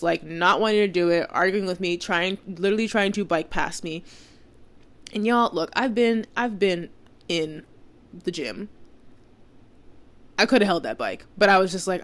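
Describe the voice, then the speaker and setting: Young woman, podcast host, low-pitched voice, casual storytelling, exasperated, swears, lots of fillers.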